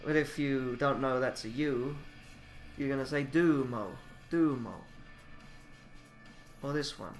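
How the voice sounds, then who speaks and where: A man's voice: medium pitch, fairly even intonation, moderate pace, soft background music. A man reading pronunciation notes aloud and adding grumbling, casual asides about the spelling. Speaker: self-taught language learner. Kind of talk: reading aloud from a book with personal comments.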